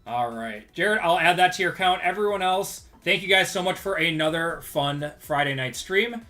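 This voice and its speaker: Bright-voiced male card break host. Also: high-pitched, expressive, normal speed, faint music behind. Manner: upbeat, rattles off lists. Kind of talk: live-stream card break recap.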